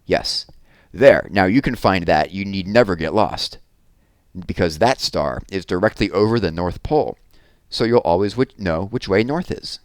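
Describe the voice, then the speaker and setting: A man voicing a kindly adult stargazer in a storybook, patient and gently amused as he explains. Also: low voice, lively intonation, normal speed, no echo, studio quality. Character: kindly grown man with a telescope.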